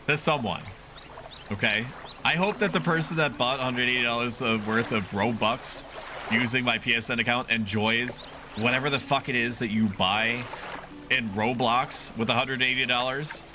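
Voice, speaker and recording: A man's voice: medium pitch, background noise. A man streaming a video game, chatting casually with his viewers, rambling through asides and swearing freely. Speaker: VTuber streamer. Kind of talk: casual gameplay livestream chat. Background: game music.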